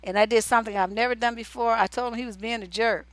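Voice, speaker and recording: A woman's voice: a little high, steady tone, fast, dry recording. A woman hosting a relationship advice livestream, reading viewer letters aloud and cutting in with blunt, casual, profane remarks.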